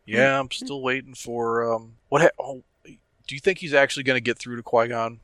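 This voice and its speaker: A man's voice: medium pitch, fairly even intonation, normal speed, sharp tone, no echo, studio quality. A man co-hosting a podcast in casual chat, agreeing often with short interjections. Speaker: podcast co-host.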